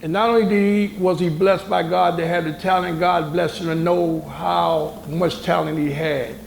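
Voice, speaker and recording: Gravelly, high-voiced older man telling a story. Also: normal speed, slight background noise. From United States. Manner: lively storyteller who acts out other people's words; colloquial and emphatic. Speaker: panel guest. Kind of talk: storytelling at a moderated discussion. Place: university hall. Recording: roomy hall sound.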